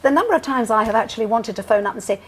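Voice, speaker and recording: A woman's voice: on the high side, animated, rapid-fire, a bit bright. An older woman with a posh English accent, a voice actress and coach speaking emphatically in a studio interview.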